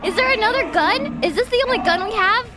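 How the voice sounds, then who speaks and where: A woman streamer with a very high, bouncy voice gives panicky, jittery commentary on a scary game. She yelps and laughs nervously and repeats herself in a rush. Loud game music and crowd-like effects fill in behind her on a desk mic. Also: lively intonation, fast talker. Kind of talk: live horror gameplay commentary.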